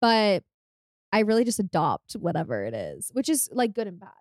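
A woman's voice: medium pitch, big pitch swings, normal speed, darkish tone, no room sound, clean studio sound. A woman in her twenties from California, a podcast guest telling stories in a chatty way, laughing as she goes. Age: 20s. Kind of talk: casual chat.

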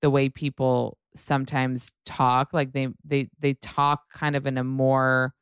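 A low-pitched woman chats casually as a podcast host, her voice a little hoarse. The tone is smooth and resonant, and the sound is dry and close. She swears freely and slips into playful put-on voices. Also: little pitch movement, a little slow, no echo. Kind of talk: casual chat.

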